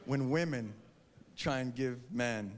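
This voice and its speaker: A man in his thirties performing a stand-up comedy routine, quickly acting out characters in put-on voices. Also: mid-range voice. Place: large theater before a live audience. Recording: live stage recording in a reverberant hall with crowd noise.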